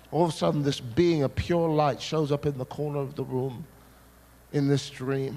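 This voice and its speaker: Preacher, male, high voice, lively storyteller, church hall with long reverb. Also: moderate pace. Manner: animated storytelling, acts out his own past words, bursts of shouting. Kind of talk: sermon testimony.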